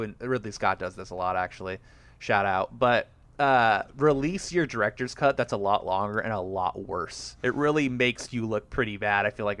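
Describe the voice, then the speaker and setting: A man hosting a casual movie podcast, animated and quick to laugh. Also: medium pitch, no room sound. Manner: animated, laughs often, jokey. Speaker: podcast host.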